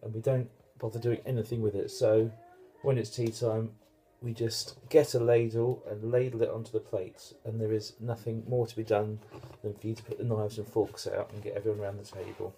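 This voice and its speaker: British male home-cook host, warm dark timbre, faint background hiss, jokey kitchen patter. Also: fairly low pitch, little pitch movement, fairly quick, few pauses. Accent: British English. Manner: chatty, joking, self-deprecating. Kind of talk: casual cooking demonstration.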